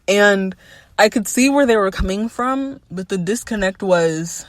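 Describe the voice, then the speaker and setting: A woman's voice: mid-range voice, animated, a little slow, slight background noise. A young woman in her twenties hosting a candid personal podcast, talking frankly and animatedly, swearing freely and laughing between thoughts. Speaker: podcast host.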